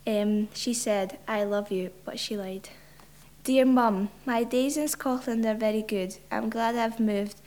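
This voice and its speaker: A woman's voice: fairly high pitch, measured pace, few pauses, a little mellow. A woman reading a short story aloud, hesitant, with ums and repeated words. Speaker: story reader.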